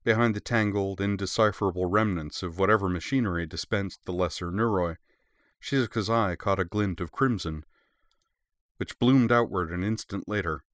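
Man, deep voice, dry sound, steady scripted narration, measured reading. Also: dry recording. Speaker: audiobook narrator.

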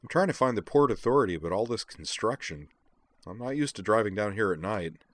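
A man voicing a quick-witted young woman who bluffs her way through questions, reading a story aloud. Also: fairly low pitch, animated, fairly bright tone, no echo. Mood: bluffing.

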